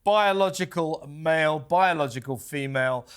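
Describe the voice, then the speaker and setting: A man's voice: fairly high pitch, normal speed. A man hosting a studio talk show, arguing his points bluntly and making sardonic jokes. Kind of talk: opinionated studio chat. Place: television studio.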